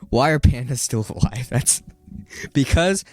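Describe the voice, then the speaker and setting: A man's voice: mid-range voice, expressive, takes it slowly, darkish tone, dry recording. A man co-hosting a podcast, telling stories in a brash, laughing, casual way. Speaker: podcast co-host. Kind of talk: casual chat.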